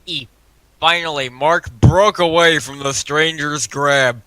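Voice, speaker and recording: Loud, bright-voiced young man reading. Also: a little high, fairly even intonation, takes it slowly, dry recording, low-quality recording. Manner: loud, swearing, laughs often. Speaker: reader. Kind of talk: joking read-aloud of a horror story.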